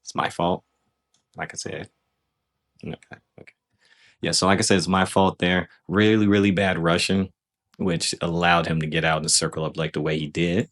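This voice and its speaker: A man's voice: low voice, steady tone, normal speed, a bit bright. A man casually breaking down footage of his own grappling match, loose and self-critical, often checking in with "right?".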